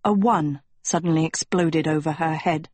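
A woman reading a storybook aloud with measured, expressive narration. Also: low-pitched, husky, no room sound. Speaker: audiobook reader.

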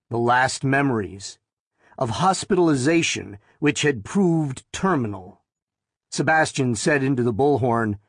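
Male narrator, slow and deliberate audiobook reading, dry close sound. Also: medium pitch, lively intonation, dry recording.

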